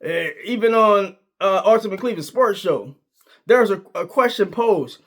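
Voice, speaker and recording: This man's voice is high-pitched, animated, and a bit bright, moving at a moderate pace. Working as a sports commentator, he argues his opinions casually and emphatically, full of slang and repeated points.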